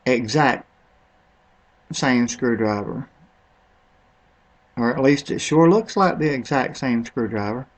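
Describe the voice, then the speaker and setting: A man's voice: medium pitch, takes it slowly, pauses often. A man talking casually and a little ramblingly over a product comparison, unsure of some words as he goes. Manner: offhand, rambling, unsure of pronunciations. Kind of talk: casual screen-recorded commentary.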